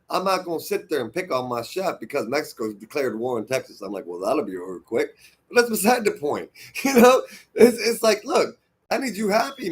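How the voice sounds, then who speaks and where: A man delivering a heated, unscripted rant on his stream, full of swearing. His husky voice swings widely up and down in pitch as he rambles and restarts, trying to get his point across. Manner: restarts and repeats himself when worked up.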